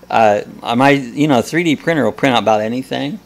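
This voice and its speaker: Blunt, jokey man with a gravelly voice. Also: mid-range voice, normal speed, slight background noise. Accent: American. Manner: blunt, jokey, laughs often. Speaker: host of a live coffee chat. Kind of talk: casual chat reading viewer comments.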